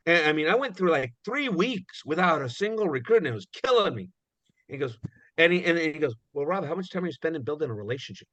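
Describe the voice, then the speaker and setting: A man with a slightly high, expressive, fairly bright voice rambles quickly through a conversational talk on recruiting as a guest speaker. He fills it with "you know" and acts out little dialogues. The recording is dry, with dull, muffled audio.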